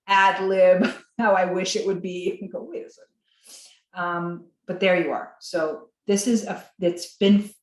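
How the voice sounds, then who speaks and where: A woman guest on a podcast interview, talking in an animated way, acting out quotes in a higher voice and laughing between points. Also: measured pace, hardly any pauses, roomy sound, low-quality recording.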